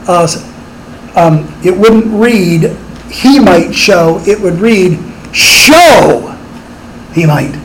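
High-voiced man preaching emphatically. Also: a little hiss or hum, poor audio. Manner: emphatic, rising on rhetorical questions. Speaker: pastor. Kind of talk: sermon.

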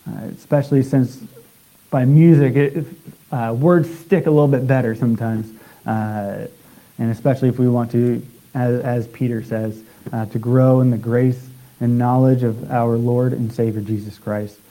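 A man preaching a sermon in a halting way, with many restarts and filler sounds. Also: medium pitch, steady tone, dark tone, low-quality recording.

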